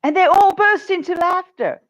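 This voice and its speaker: A woman minister giving a sermon, telling stories in an animated way and laughing often. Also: very high-pitched, normal speed, lo-fi sound.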